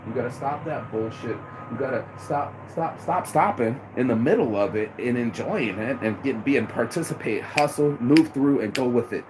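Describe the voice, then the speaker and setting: A man's voice: medium pitch, moderate pace, hardly any pauses. A man giving a casual, profane motivational rant outdoors by a busy road, preachy and calling the listener bro. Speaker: motivational vlogger. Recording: loud traffic noise behind.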